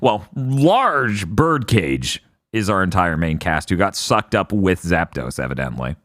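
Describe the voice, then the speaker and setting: Animated, laughing podcast host man. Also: deep voice, unhurried, dry recording, studio quality. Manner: laughs often, recaps scenes animatedly. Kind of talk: casual movie review chat.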